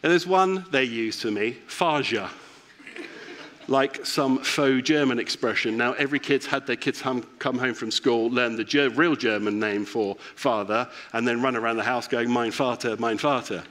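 A man's voice: medium pitch, normal speed, fairly bright tone, slight background noise. A man giving a reflective, personal sermon as a church pastor.

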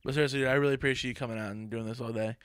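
A man's voice: medium pitch, fairly even intonation, racing, fairly bright tone, clean tone, no room sound. A young man hosting a podcast, tipsy and rambling in an easygoing late-night chat. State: drunk. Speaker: podcast host.

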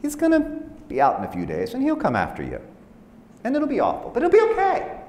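A man's voice: wildly swooping pitch, brisk, a little mellow, heavily acted. A man voicing a bold sheep who turns out to be a shepherd, speaking in a raised, triumphant voice in an echoey hall. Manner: high, triumphant declaring.

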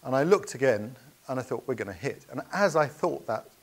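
Male speaker, storytelling keynote, earnest, anecdotal, halting fillers. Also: mid-range voice, lively intonation.

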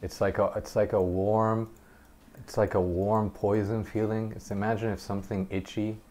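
Deep-voiced man telling a story. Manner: animated, laughs between sentences; halting, many restarts. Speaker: gameplay commentator. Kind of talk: casual storytelling over gameplay.

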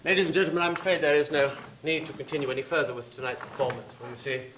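A man's voice: fairly high pitch, fairly even intonation, rapid-fire, voice pushed down, lightly acted. A man on a comedy club stage playing a pompous theatrical snob with a put-on grand accent, declaiming into a handheld mic. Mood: grandiose. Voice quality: haughty, declamatory. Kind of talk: stand-up character bit. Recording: echoey club with crowd noise.

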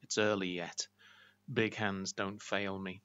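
A man performing a spoken word poetry reading in a measured, rhythmic recitation. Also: low-pitched, level tone, fairly bright tone. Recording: dull lo-fi recording with faint hum.

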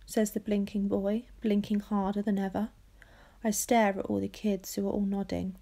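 A teacher reads a children's novel to her pupils in a calm, steady narrating voice. Her speech has a noticeable gravelly fry, and she slips into different voices whenever a character speaks. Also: mid-range voice, moderate pace. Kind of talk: reading a children's novel aloud.

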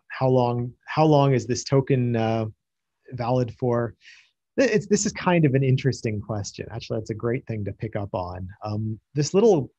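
A man with a slightly husky, breathy voice walks through a technical answer for a conference audience. He talks thoughtfully and keeps restarting his phrases, filling the gaps with ums and uhs. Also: medium pitch, warm tone. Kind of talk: technical Q&A explanation.

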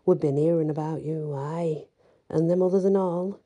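A woman's voice: low voice, steady tone, normal speed, dark tone. A woman voicing a gossiping woman prisoner in a gaol, in a teasing rustic dialect.

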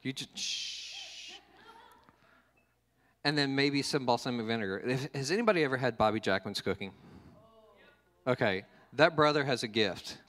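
A male pastor giving a relaxed, conversational sermon with jokes and restarts. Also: medium pitch, fairly quick, long reverb tail. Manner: casual, joking, fond of fillers and restarts.

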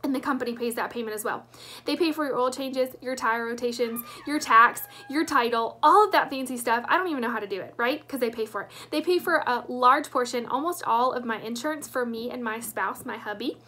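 A woman's voice: on the high side, brisk, sharp tone. A woman, telling her story as a sales director with enthusiastic emphasis. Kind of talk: personal testimonial.

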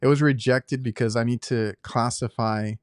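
Smooth-voiced American man in casual chat. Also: medium pitch, steady tone, normal speed, dry recording, clean studio sound. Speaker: podcast co-host, HVAC technician.

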